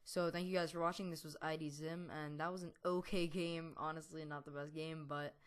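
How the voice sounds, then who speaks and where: A man's voice: a little high, flat delivery, a little fast, clear, resonant tone. A teenage boy, a gaming YouTuber, telling a long story over gameplay, rambling with lots of fillers and restarts. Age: teens. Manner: laughs now and then while telling.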